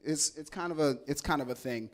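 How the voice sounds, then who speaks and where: A man's voice: fairly high pitch, fairly quick. A man from El Segundo doing a stand-up comedy set, telling stories in a loose, rambling, profane way with lots of stammered restarts. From El Segundo, California.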